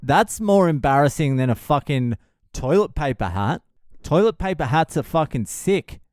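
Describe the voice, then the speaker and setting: A man's voice: a little high, expressive, normal speed, a little mellow, dry recording, studio quality. A man who is a comedian hosting his own podcast, telling comic stories in a blunt, profane way and laughing at his own jokes. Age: adult father of a young child. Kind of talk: profane comic storytelling monologue.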